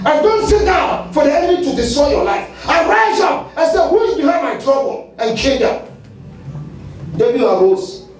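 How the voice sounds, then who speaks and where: A male pastor with a Ghanaian English accent, preaching a fiery sermon and shouting at its peaks. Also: extremely high pitch, big pitch swings, moderate pace. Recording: echoey hall, far from the mic, light noise.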